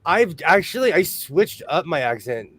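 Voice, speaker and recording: A man from Los Angeles co-hosting a casual sewing livestream, chatting quickly and laughing often between reading viewer comments. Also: fairly high pitch, sing-song, a bit bright. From San Fernando Valley, Los Angeles.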